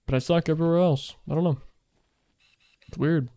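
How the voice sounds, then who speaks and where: A man's voice: a little high, steady tone, fairly quick, mellow, a little hiss or hum. A young man chatting casually while streaming a game he makes, rambling with lots of fillers, his voice worn out late at night. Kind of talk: casual gaming stream chat.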